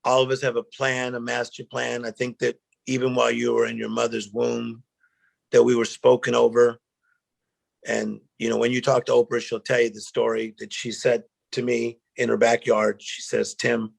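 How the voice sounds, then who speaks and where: A middle-aged man, a guest speaker, telling animated personal stories in a chat and acting out the quotes. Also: medium pitch, normal speed, gravelly, breathy edge. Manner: animated storyteller, acts out quotes, emotional. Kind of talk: storytelling interview chat.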